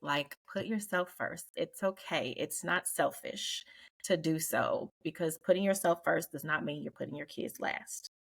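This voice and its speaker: A woman's voice: low voice, unhurried, gravelly, fairly bright tone, breathy edge. A woman hosting a casual group talk, speaking earnestly and preachily with frequent laughs. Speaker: podcast host.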